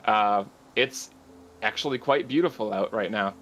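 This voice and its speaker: Bright-voiced man narrating as game master. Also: fairly low pitch, normal speed, a little hiss or hum. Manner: relaxed, chatty narration with fillers.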